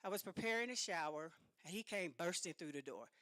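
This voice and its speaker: A woman giving a speech as an author, telling a personal story in a dramatic, animated way with emphatic repetition. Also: lowish voice, a little fast, dry recording, studio quality. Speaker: speaker and author.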